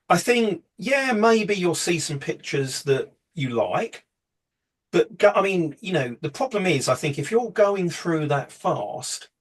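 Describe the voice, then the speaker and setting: A man's voice: mid-range voice, slightly rough. A man presenting a photography workshop in a casual, rambling way, full of fillers and restarts.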